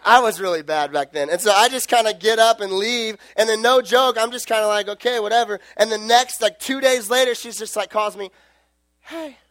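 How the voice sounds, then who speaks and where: A man's voice: sits high, a little fast, hardly any pauses, a bit bright, dry recording. A young man preaching in a casual, rambling storytelling way, full of fillers and self-corrections.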